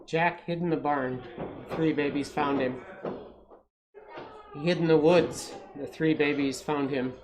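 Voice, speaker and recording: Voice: mid-range voice, fairly even intonation, a little slow, pauses often, over music. A storytime reader, reading a picture book aloud to children with playful asides. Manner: playful, with asides to young listeners.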